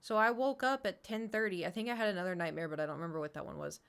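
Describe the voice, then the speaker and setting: A woman's voice: on the low side, very animated, very fast, a bit bright, smooth. A young adult woman streamer telling a long story in casual chat, rambling with lots of fillers and swearing.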